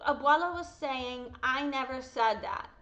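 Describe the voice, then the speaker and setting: A woman's voice: high-pitched, measured pace, a bit bright, muffled recording. A woman talking straight to her viewers in an upset, blunt personal callout, swearing and repeating quotes. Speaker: vlogger. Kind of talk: angry personal callout vlog.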